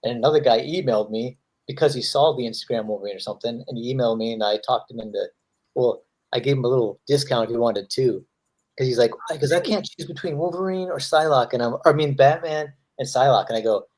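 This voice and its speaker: Husky guy telling long rambly stories to his buddies, does little voices for people. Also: medium pitch, fast, a little mellow. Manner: rambling storyteller, acts out quotes. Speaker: comic artist, host. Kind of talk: casual chat.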